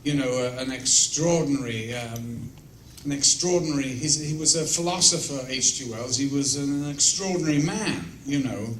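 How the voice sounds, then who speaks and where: A man's voice: mid-range voice, normal speed, few pauses, fairly bright tone. A man answering fan questions at a convention, telling blunt, profane, self-mocking anecdotes in a casual way. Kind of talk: casual storytelling Q&A. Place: large convention room with audience. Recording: roomy echo, mic at a distance, faint noise.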